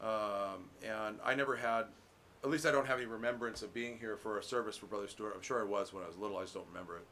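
A middle-aged man preaching a relaxed, conversational sermon as pastor, folksy, full of restarts and "you know.". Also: fairly low pitch, fast, slight background noise.

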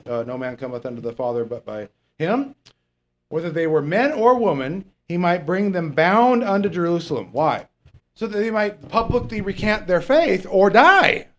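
A man preaching a conversational sermon, rambling and joking as he reads the Bible, sometimes losing his place and stressing key points. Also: fairly high pitch. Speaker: pastor.

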